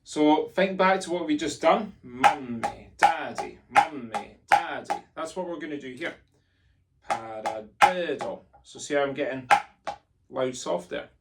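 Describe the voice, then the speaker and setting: In a heavily noisy setting, this pipe band drumming teacher speaks at normal speed with a steady, fairly high voice, counting in, chanting sticking patterns, and calling rudiments while joking and encouraging. A distant mic catches loud drumming in the background.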